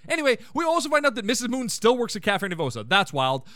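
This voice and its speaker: A man's voice: very high-pitched, huge pitch swings, fast, a bit bright, no echo. A man hosting a podcast, giving a casual, irreverent recap of a sitcom episode with sarcastic asides and rants. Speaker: podcast host.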